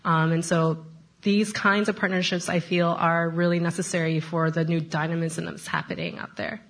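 A woman's voice: on the low side, level tone, normal speed. A woman panelist from a philanthropy, speaking thoughtfully and earnestly in a panel discussion.

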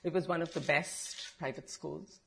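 A woman speaking on a conference panel in a measured, personal way. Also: low voice, steady tone, vocal fry, a little hiss or hum.

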